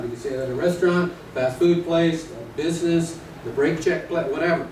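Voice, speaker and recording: A man teaches a live class in a slightly raised voice, acting out scenes and quizzing the room. The recording is roomy and distant, with a noisy background. His talk is playful and energetic. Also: fairly high pitch, brisk, few pauses. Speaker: real estate trainer. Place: training room with an audience.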